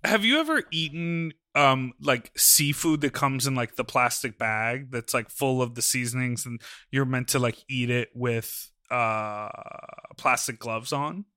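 A man co-hosting a podcast, chatting in an excitable, playful way. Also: mid-range voice, measured pace, smooth, no echo, studio quality. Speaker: podcast co-host. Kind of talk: casual chat.

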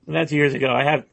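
A man calling in to a comedy talk show, telling a story in a hesitant, halting way. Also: on the high side, vocal fry, a bit bright, dry recording. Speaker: caller. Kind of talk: comedic call-in chat.

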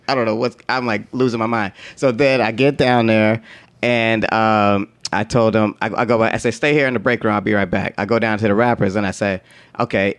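A man telling a workplace story in casual conversation, laughing often and acting out what others said in slangy, profane talk. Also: mid-range voice. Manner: animated, laughs often, acts out quotes.

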